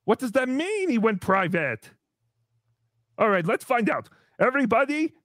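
A man playing a cheery, childish host character in a comedy livestream, talking in a sweet, drawn-out, sing-song way. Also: extremely high pitch, a bit bright, dry recording, clean studio sound, exaggerated voice.

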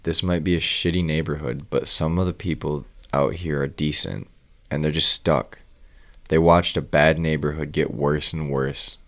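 Very deep-voiced male storyteller. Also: fairly even intonation, normal speed, a bit bright. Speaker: narrator. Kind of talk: first-person horror story narration.

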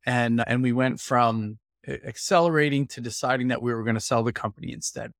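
A man's voice: mid-range voice, brisk, vocal fry, dry recording, studio quality. A man in his fifties, a guest telling stories from his career in a casual interview and acting out what people said to him. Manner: lively storyteller who acts out quoted dialogue. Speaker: guest, executive consultancy founder.

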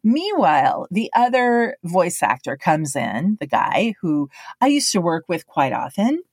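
A woman's voice: on the low side, measured pace, breathy edge, dry recording, studio quality. A woman who works as a voice actor, telling stories casually and acting out other people's lines. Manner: animated, acts out other people's lines in quotes. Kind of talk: casual storytelling to camera.

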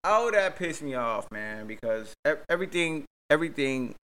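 A young man from hosts a casual podcast. His storytelling is excitable and full of swearing, and he acts out every exchange as he retells it. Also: a little high, moderate pace, a little hiss or hum. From Miami, Florida. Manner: profane, excitable, acts out the dialogue. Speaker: podcast host. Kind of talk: animated storytelling.

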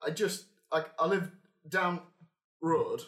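A man doing a gruff Northern halfling barkeep. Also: a little high, slow pace, fairly bright tone, echoey room. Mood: jovial. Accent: Northern English. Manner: drops words, calls people lad. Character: gruff male halfling barkeep, blunt and jovial.

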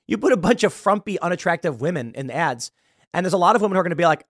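A man's voice: on the high side, racing, no room sound, studio quality. A man hosting a political podcast, talking through a sarcastic, mocking commentary monologue. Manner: sarcastic, animated, mocking asides. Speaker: podcast host.

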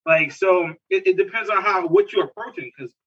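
A man from Newark, telling animated stories in slangy casual chat and laughing often. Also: high voice, fairly quick, slightly rough. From Newark, New Jersey. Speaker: podcast co-host. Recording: distant, dull lo-fi mic.

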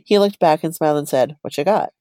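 A woman's voice: low voice, normal speed, warm tone, dry recording. A woman co-hosting a podcast, reading a personal story aloud in a chatty, giggly way.

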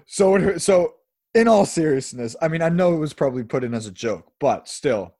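A man's voice: on the high side, animated, moderate pace, warm tone, no echo, studio quality. A man co-hosting a football podcast, chatting casually with frequent laughs and hedging asides. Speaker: podcast co-host.

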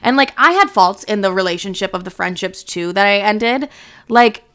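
Bright, swearing young woman podcaster. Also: mid-range voice, moderate pace, smooth. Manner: candid, heavy swearing and filler "like"; passionate, animated storytelling. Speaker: podcast host. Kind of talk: casual monologue to camera.

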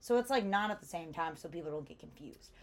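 A young adult woman telling a story in casual chat, animated, acting out what people said, with many "like" fillers. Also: lowish voice, quick pace, a little hiss or hum. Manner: heavy use of "like" as filler. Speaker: storyteller in a conversation.

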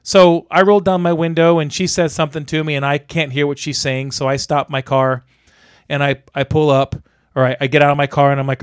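High-voiced man telling a profane story. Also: a little fast, smooth, no room sound, clean studio sound. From Florida. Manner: animated, profane, acts out quoted voices. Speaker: podcast co-host. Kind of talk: casual storytelling chat.

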